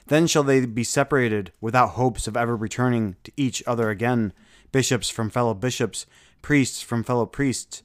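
A man giving a solemn, measured devotional reading of saints' lives, with a few small slips. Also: medium pitch, no room sound, clean studio sound.

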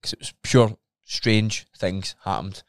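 Scottish man, podcast co-host, low voice, candid emotional storytelling, swearing. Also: fairly even intonation, takes it slowly, no echo, clean studio sound.

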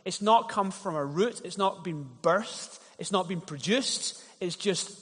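A man's voice: high-pitched, a little slow, fairly bright tone, breathy edge. A man preaching a sermon as pastor, telling stories in a conversational way and often repeating words as he starts a thought. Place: church hall. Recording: long reverb of a church hall.

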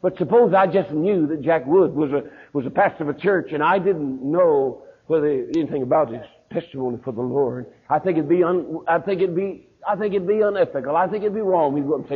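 A man's voice: on the high side, a little fast, husky. An older man with a Southern US accent preaching a sermon, telling stories and acting out the people in them. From Mississippi, USA. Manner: storytelling preacher acting out quoted dialogue. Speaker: pastor. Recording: tinny phone-like recording.

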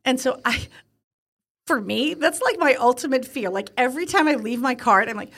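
Older woman co-host with a slightly high voice, chatty and animated, restarts her sentences often. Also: normal speed, husky. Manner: animated storyteller, rambling with many restarts. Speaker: podcast co-host. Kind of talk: casual podcast chat.

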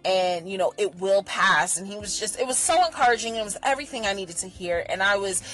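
A woman speaks straight to her audience in a personal vlog, her voice sitting at an ordinary middle pitch. She is blunt and swears freely, flaring into heated rants and then dropping to a soft, reassuring hush. Faint music plays quietly behind her. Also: a little fast, poor audio. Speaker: vlogger sharing personal experience.

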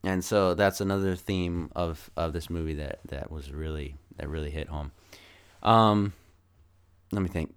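Deep-voiced man rambling through a movie recap. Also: measured pace, clear, resonant tone. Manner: rambling, thinking aloud. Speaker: film reviewer. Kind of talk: casual film recap.

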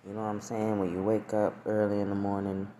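A woman's voice: very deep voice, level tone, fast talker, mellow, slight background noise. A woman hosting her own podcast, chatting casually and rambling with profane, laughing asides. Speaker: podcast host. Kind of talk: casual solo podcast chat.

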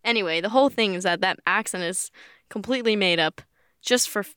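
A woman hosting a podcast in casual chat, joking and quick to laugh. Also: mid-range voice, a bit bright, clear, resonant tone, no echo, studio quality. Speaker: podcast host.

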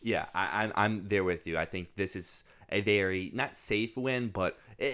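Low-voiced analytical male podcast co-host. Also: fairly bright tone. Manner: quick, analytical, runs through options. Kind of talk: casual chat.

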